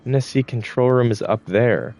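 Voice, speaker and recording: A man's voice: mid-range voice, moderate pace, creaky, a little mellow, soft background music. A man giving casual gameplay commentary in an exasperated, profane and rambling way. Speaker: gaming video creator.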